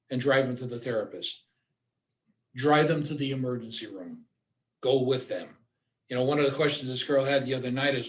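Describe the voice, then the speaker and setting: A man leads a training workshop in a plain, mid-pitched voice. He talks in a direct, emphatic way and repeats his key points. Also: moderate pace. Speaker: suicide awareness trainer. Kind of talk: workshop presentation.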